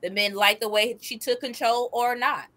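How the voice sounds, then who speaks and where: A woman's voice: a little high, steady tone, moderate pace, bright, forceful tone. A woman co-hosting a movie review chat, emphatic and playful with slang. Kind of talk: casual chat.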